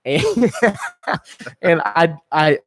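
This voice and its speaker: A man's voice: a little high, wildly swooping pitch, drawn-out words, a bit bright. A man in his thirties co-hosting a podcast, telling a long story with lots of swearing and laughter. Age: 30s. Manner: rambling, profane storytelling with frequent laughs. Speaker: podcast co-host. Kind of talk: casual podcast banter.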